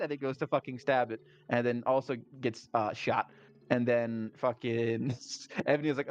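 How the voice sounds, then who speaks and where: A man's voice: medium pitch, normal speed. Profane man recapping a tabletop game. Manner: profane, laughing, acts out friends' lines. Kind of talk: casual storytelling recap. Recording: dull lo-fi sound.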